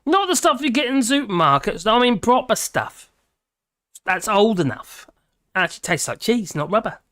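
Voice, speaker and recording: A woman's voice: a little high, very animated, moderate pace, fairly bright tone, no echo, clean studio sound. A tired woman, rambling and grumbling in casual chat while reading out comments on her live stream.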